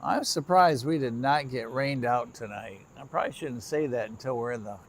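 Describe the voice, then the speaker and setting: A man's voice: medium pitch, normal speed. A tired middle-aged man, chatting casually to viewers of his trackside livestream at night. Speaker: railfan livestream host. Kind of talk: casual live-stream chat to viewers. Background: crickets and insects chirping.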